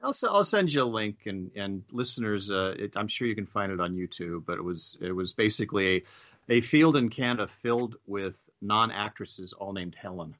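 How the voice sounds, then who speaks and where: Low, forceful-voiced man, halting guest. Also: animated. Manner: halting, searching for words. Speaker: podcast guest. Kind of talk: casual podcast chat. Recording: dull lo-fi podcast audio.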